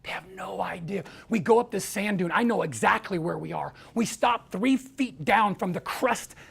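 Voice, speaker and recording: Gravelly animated male storyteller. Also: high voice, moderate pace. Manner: animated storyteller acting out quoted voices. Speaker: speaker. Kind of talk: storytelling talk to an audience.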